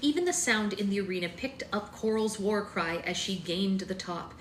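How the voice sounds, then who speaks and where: Woman, live book club host, read-aloud, mid pitch, roomy echo, faint noise. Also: lively intonation, normal speed. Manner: reads steadily, breaks into chatty asides. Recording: echoey room with faint noise.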